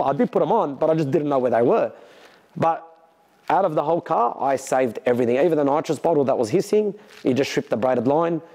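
Talking straight to camera, an Australian who builds and races cars shares the emotional tale of his crash, which has left him sore. His voice sits at medium pitch, and he speaks in bursts, animatedly voicing what others told him.

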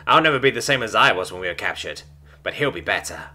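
A man voicing a gruff, grim male alien who growls his clipped lines. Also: on the low side, lively intonation, fast, bright, forceful tone, faint music behind, exaggerated voice. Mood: bitter.

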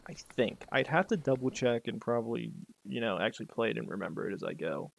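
A man chats casually over a game he is playing, with joking, self-mocking asides. His voice sits at a middling pitch with a gravelly, creaky texture. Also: lively intonation, quick pace. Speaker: game streamer.

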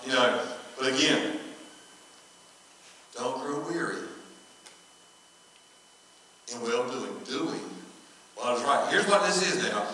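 A man's voice: mid-range voice, pushed and bright, slight background noise. A man, a pastor preaching a sermon in a folksy, conversational storytelling way, acting out quoted dialogue. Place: church sanctuary. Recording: echoey hall, from far off.

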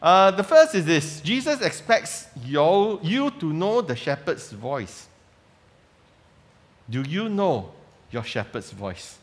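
Male pastor, chatty preaching with many questions to the room, slightly high voice, echoing sanctuary. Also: big pitch swings, slow. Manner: conversational preaching with fillers and rhetorical questions. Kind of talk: sermon. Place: church sanctuary. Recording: long reverb of a church hall.

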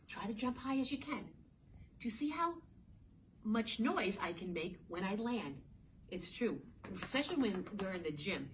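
A woman's voice: medium pitch, a bit bright, a little hiss or hum. A woman teacher reading a picture book aloud to young children in a playful, sing-song way, often speaking to them directly. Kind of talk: children's storytime read-aloud. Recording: distant mic, faint background ambience.

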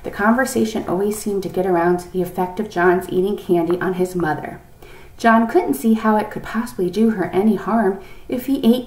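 A woman reading a children's book aloud, in an expressive way. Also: medium pitch, a little fast, recorded from a distance. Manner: expressive, lively character voices. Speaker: reader. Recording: echoey room, off-mic.

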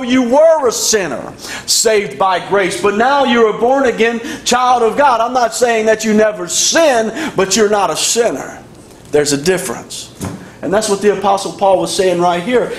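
A man preaching a sermon, emphatic and repetitive in his cadence. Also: high-pitched. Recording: echoey room.

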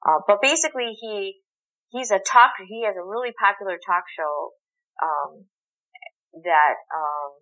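A woman guest in an interview, telling a story in a casual, animated way, acting out the dialogue and laughing often. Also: mid-range voice, measured pace, dull audio. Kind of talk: conversational storytelling.

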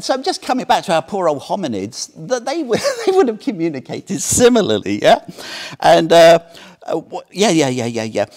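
A man in his seventies giving an anecdotal Buddhist dharma talk as a teacher, animated and often checking in with "yeah?". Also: a little high. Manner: animated storyteller, tags sentences with "yeah?".

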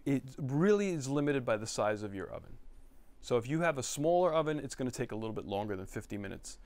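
A man's voice: medium pitch, lively intonation, fast, darkish tone. A middle-aged man, a chef, telling stories to a live audience in a bookstore in a chatty, rambling way with many restarts and asides. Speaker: chef giving a talk at a bookstore. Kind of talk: storytelling talk to a live audience.

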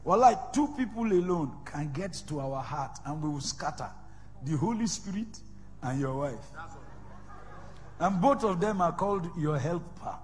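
A man with a Nigerian accent preaching a sermon, swinging between loud shouts and soft whispers. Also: on the high side, animated, measured pace. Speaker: pastor. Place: large church hall. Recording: reverberant hall with faint music.

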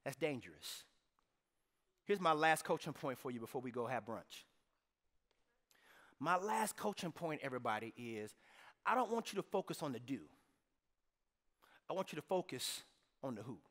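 A man preaching a sermon to his church in an energetic, conversational way, now and then rising to a shout. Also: mid-range voice, moderate pace, pauses often, in a large hall. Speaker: pastor. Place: church sanctuary.

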